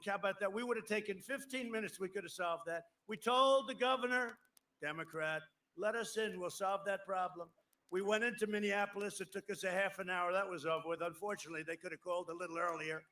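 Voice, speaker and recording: A man's voice: sits high, brisk, sharp tone. A man in his seventies giving a rambling, emphatic campaign speech outdoors on a podium microphone, with asides to the crowd. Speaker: politician at a campaign rally. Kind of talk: rally speech. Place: outdoor rally at an airport. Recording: outdoor live broadcast with faint crowd noise.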